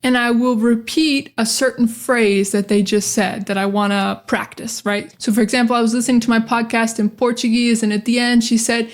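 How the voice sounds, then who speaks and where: An American woman teaching English pronunciation in an online lesson, repeating short phrases over and over in a direct, energetic way. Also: on the high side, moderate pace, hardly any pauses.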